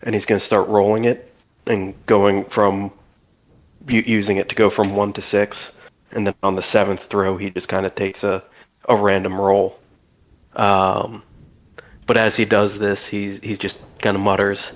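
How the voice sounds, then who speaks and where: A man's voice: lowish voice, flat delivery, unhurried, lo-fi sound. A man playing a tabletop game, describing his character's actions hesitantly with many fillers. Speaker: player.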